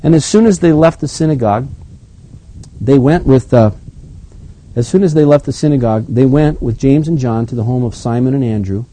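A man acting as pastor, reading scripture aloud and then commenting on it in a relaxed, conversational way. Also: medium pitch, fairly quick, poor audio. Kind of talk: Bible reading with sermon commentary.

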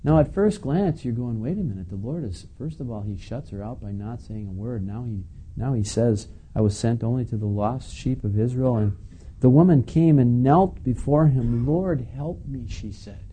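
A man's voice: mid-range voice, moderate pace, warm tone, slight background noise, poor audio. A man preaching a conversational sermon, reading scripture and adding casual asides to his listeners. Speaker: pastor. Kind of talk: sermon teaching.

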